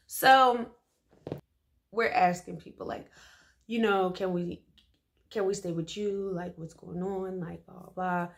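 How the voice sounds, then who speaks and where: A storytime vlogger from Philadelphia, USA, tells a story to the camera in a mid-range voice, a little slow with fairly even intonation. She's emphatic and slangy, throwing frequent "okay?" asides at her listeners.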